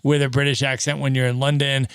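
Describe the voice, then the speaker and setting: A man's voice: medium pitch, flat delivery, fast, fairly bright tone, clean tone, no echo, clean studio sound. A man hosting a travel podcast, asking long, enthusiastic interview questions. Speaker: podcast host.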